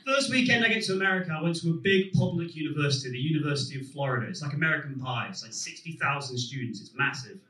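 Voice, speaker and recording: A young man from Manchester with a Manchester accent doing a stand-up comedy set, animated and swearing freely. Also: a little high, quick pace, hardly any pauses, echoey room, distant mic, low-quality recording. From England. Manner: animated, swears freely, shouts put-on voices. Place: comedy club stage.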